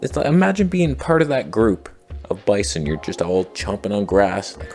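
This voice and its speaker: A man with a lowish voice delivers a satirical monologue, deadpan and mock-earnest, every line dripping with sarcasm. Faint music plays softly behind him. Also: normal speed. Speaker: satirical commentator.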